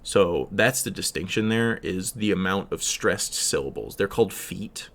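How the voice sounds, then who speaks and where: Halting young man reading study notes. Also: low voice, lively intonation, vocal fry. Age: teens. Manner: halting, with frequent fillers and self-corrections; slow sing-song delivery on verse lines. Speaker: student reader. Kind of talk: reading aloud and explaining a study text.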